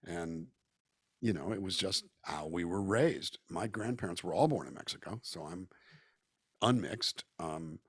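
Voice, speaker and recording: Low raspy guy from socal chatting on a video call, thoughtful and talkative, dry sound. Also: unhurried, no echo. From Southern California. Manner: reflective, talkative, acts out quoted voices. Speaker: guest musician and actor. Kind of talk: casual interview chat.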